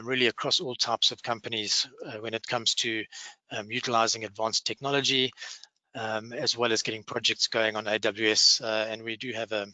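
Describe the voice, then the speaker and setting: Man, South African accent, webinar host, halting speech with fillers, sharp bright tone, mid pitch. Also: no room sound, low-quality recording. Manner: halting, many fillers and restarts. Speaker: webinar host from a cloud services firm. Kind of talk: webinar introduction.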